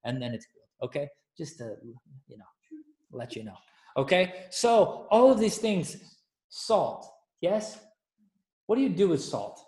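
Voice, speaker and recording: A man's voice: on the high side, big pitch swings, a little slow, long pauses, darkish tone. A man giving a casual, playful sermon that keeps asking the audience questions. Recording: echoey room.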